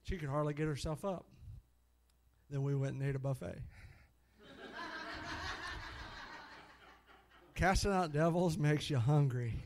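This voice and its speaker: There's a little hiss or hum behind this middle-aged man's high-leaning voice as he preaches through stories. Animated throughout, he exclaims hallelujah often and laughs at his own stories.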